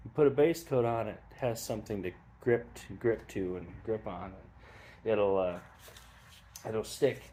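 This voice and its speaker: Easygoing guy rambling thru a diy how-to, warm mellow voice, faint noise behind. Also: lowish voice, a little slow. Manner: relaxed, rambling, self-deprecating asides. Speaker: hobbyist demonstrating skull hydro dipping. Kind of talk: casual how-to tutorial.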